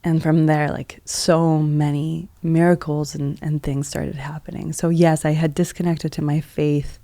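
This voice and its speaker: A woman sits as a guest on a podcast and retells a personal experience in a casual, heartfelt way. Her voice carries a noticeably gravelly texture, and she scatters "like" through nearly every sentence. The sound is close-miked and completely dry. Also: deep voice, flat delivery, a little slow, warm tone, no room sound. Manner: heavy use of "like" as filler; earnest, emotional retelling. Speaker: podcast guest, energy healer.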